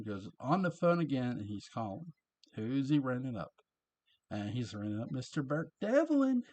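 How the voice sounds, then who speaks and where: A man's voice: medium pitch, darkish tone, dry recording. A man casually recapping and reviewing a TV episode, chatty and chuckling at his own asides.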